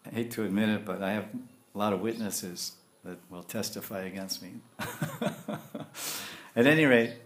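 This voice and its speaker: An older man giving a storytelling sermon as a spiritual teacher, animated, chuckling often and acting out the characters' voices. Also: lowish voice, a little slow, long pauses.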